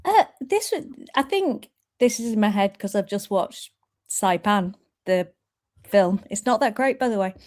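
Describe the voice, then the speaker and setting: A woman's voice: medium pitch, lively intonation, measured pace, a little mellow, dry recording, studio quality. Chatty wry woman. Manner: chatty and wry, laughs easily. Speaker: podcast co-host. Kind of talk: casual chat.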